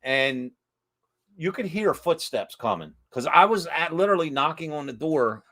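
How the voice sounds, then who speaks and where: A man's voice: on the high side, sing-song, moderate pace, a bit bright. A man in casual chat, carefully explaining what he saw on a ghost hunt, laughing often. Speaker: paranormal investigator co-host.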